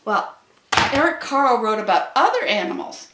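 A woman reading picture books aloud to children at a library story hour, slow and expressive, with playful animal sounds. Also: mid-range voice, noisy background. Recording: echoey room.

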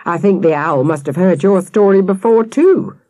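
A woman voicing a calm, wry middle-aged father. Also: lowish voice, moderate pace, dry recording.

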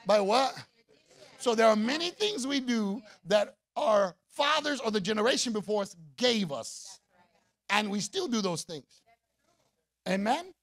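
A man preaching a rousing call-and-response sermon as pastor, rising to shouts. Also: high-pitched, animated, a little slow.

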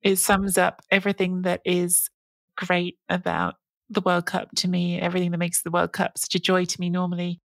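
A woman's voice: on the low side, completely flat delivery, moderate pace, creaky, fairly bright tone, no room sound. A woman co-hosting a podcast who talks in a casual, rambling way with lots of restarts. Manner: rambling, with frequent restarts and fillers. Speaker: podcast co-host.

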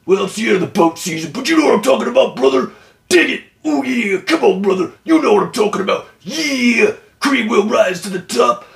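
A man's voice: very high voice, lively intonation, brisk, voice pushed up, heavily acted. A man putting on a boastful wrestling-star impression, growling catchphrases in a hammy drawl. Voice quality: gravelly, growling. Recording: roomy echo, distant from mic.

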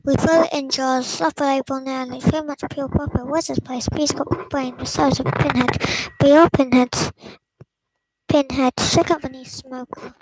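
A woman's voice: sits high, steady tone, a little fast, hardly any pauses, slight background noise, poor audio. A woman host casually reading a film script aloud, stumbling and restarting, sometimes dropping to a whisper. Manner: stumbling read-through with restarts and whispered asides. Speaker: channel host.

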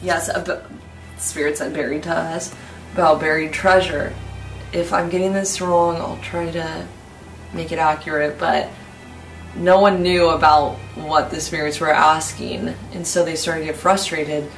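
A woman vlogger telling a rumored ghost story in an old house at night, in casual, excited chat. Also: low voice, unhurried, faint music behind. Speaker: paranormal vlogger. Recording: roomy sound from a distance.

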